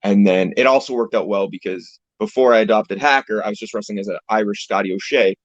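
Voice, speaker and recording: A man's voice: fairly low pitch, quick pace, no room sound. A young man from Canada, a pro wrestler, chatting casually as an interview guest in a laid-back, rambling way with casual swearing, heard over a video call. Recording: dull lo-fi call audio, dry.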